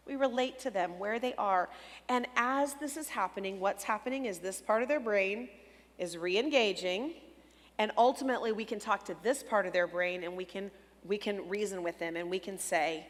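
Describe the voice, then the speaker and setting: A middle-aged woman with a somewhat high voice teaches a church breakout session on a stage mic. She explains step by step, softening when she speaks as if comforting a child. Her voice rings with a long reverb in a large hall. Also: normal speed. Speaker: conference speaker.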